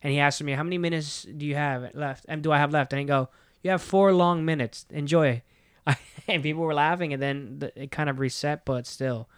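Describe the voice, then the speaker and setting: Smooth-voiced young man chatting. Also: on the high side, a little fast, dry recording. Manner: relaxed storytelling with many fillers. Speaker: stand-up comedian and podcast host. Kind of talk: casual chat.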